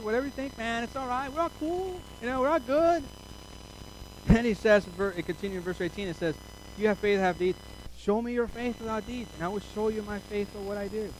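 A man's voice: sits high, a little hiss or hum, poor audio. A male pastor preaching a sermon, telling stories animatedly and acting out his own thoughts. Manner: animated storytelling, acts out his own inner voice.

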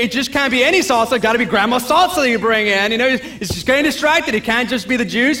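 Male pastor, high voice, animated sermon delivery with acted-out character voices and quiet asides. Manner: animated preaching, acting out voices of people in the story; drops to a low, quiet voice for asides.

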